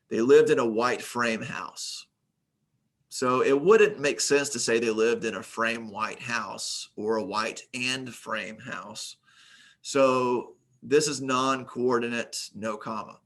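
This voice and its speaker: A man's voice: medium pitch, slow pace, a bit bright. A man teaching a recorded grammar lesson, reading example sentences aloud and explaining them methodically, with the occasional filler.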